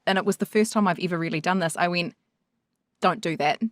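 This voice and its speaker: Lively woman accent coach, dry sound. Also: on the low side, very fast, dry recording. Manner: animated storyteller who acts out both sides of a dialogue. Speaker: accent coach and podcast co-host. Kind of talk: casual podcast chat.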